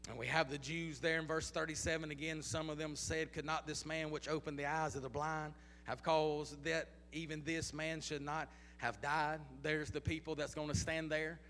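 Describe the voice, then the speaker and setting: A male preacher with a high, gravelly voice delivers his sermon through driving repeated questions. His tone is bright and edged. The sound carries the long reverb of a large church hall. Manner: repetitive rhetorical questions, rising to chanted intensity.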